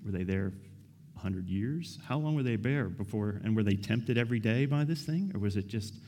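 A man's voice: fairly low pitch, lively intonation, normal speed, dark tone. A man giving a casual, conversational sermon, asking his listeners questions and often adding "right?". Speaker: preacher. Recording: reverberant hall.

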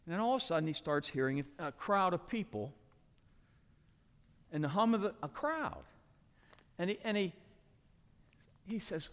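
Animated preacher in a reverberant hall. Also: male voice, high-pitched, normal speed, long pauses. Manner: dramatic, acts out characters with shouts and whispers. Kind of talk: animated sermon with acted-out voices.

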